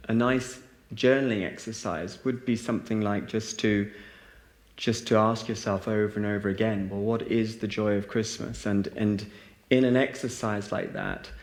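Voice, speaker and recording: A man leading a reflective spiritual talk and group meditation for a live audience, with many fillers and restarts. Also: on the low side. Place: large hall with a live audience. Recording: roomy echo.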